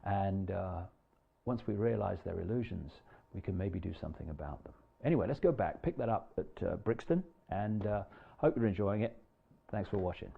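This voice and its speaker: A man giving a live lecture to an audience, animated and emphatic, swinging between loud outbursts and quiet asides. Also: sits low, normal speed, gravelly. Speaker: public speaker. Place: large lecture hall. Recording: dull echoey hall recording.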